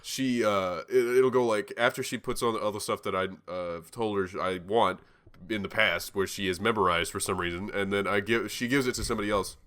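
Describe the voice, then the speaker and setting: A young man co-hosting a podcast, telling a story in a rambling, animated way with plenty of swearing. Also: on the low side, brisk. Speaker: podcast co-host. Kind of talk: casual chat.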